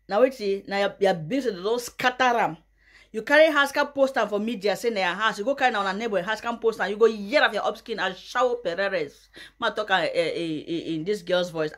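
Mocking Nigerian woman, high voice. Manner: mocking, breaks into loud high laughter. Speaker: YouTuber. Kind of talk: mocking gossip commentary in Pidgin.

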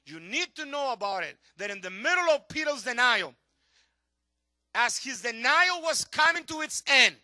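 A middle-aged pastor preaches with passion, swinging between shouts and hushed tones, his English grammar slightly non-native. His voice sits high, and the recording has no room sound.

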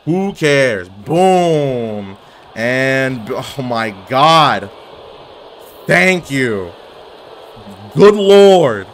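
A gaming video creator speaks extremely slowly in an animated, fairly bright mid-pitched voice over his own online wrestling match. He hypes himself up, trash-talks his opponent, jokes, swears freely and uses wrestling slang, with a faint hum of noise in the background.

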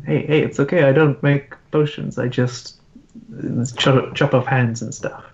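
A man's voice: mid-range voice, steady tone, unhurried, gravelly, dull audio. A man playing his character in a tabletop game, easygoing and polite. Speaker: player.

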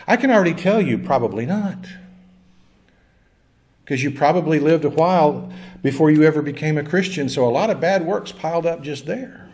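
A man's voice: a little high, lively intonation, normal speed, darkish tone. A male pastor giving a conversational sermon in a church, with jokes and call-and-response with the congregation. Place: church sanctuary.

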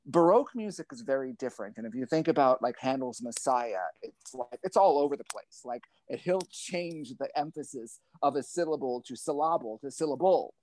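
A man's voice: medium pitch, animated, normal speed, hardly any pauses, darkish tone. A man, a librettist and translator, talking about his work over a video call in a thoughtful, digressive, wry way.

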